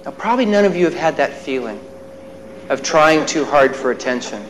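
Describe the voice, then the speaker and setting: A man's voice: sits high, normal speed, gravelly, fairly bright tone, a little hiss or hum, poor audio. A male psychologist telling a personal story in a workshop lecture, with self-deprecating, chuckling asides. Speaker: psychologist giving a workshop talk.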